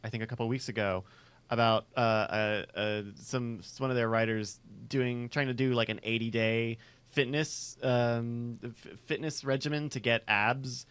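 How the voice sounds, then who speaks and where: A man co-hosting a podcast in a mid-range voice. He tosses out deadpan quips and hesitates often between his words. The sound is dry and close. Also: mid-range voice, measured pace, clear, resonant tone, no echo. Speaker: podcast co-host. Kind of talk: casual podcast chat.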